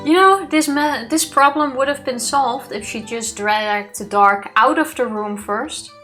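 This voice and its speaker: A woman's voice: high-pitched, measured pace, pushed and bright. A woman joking and giggling as co-host of a let's play, with game music faint behind. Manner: giggly, jokey.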